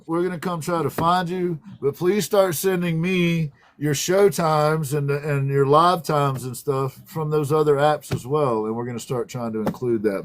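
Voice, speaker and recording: A man hosts a casual livestream. His voice sits a little high, and he rambles through announcements, stopping to greet viewers by name. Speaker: livestream co-host.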